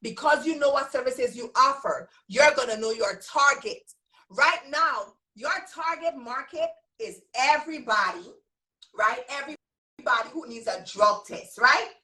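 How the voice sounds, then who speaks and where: High, bright-voiced woman coaching emphatically. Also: expressive, measured pace, poor audio. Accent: Virgin Islands. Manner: emphatic and repetitive, drilling points home; folksy, addresses listeners as y'all. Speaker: business trainer and host. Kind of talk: live coaching talk.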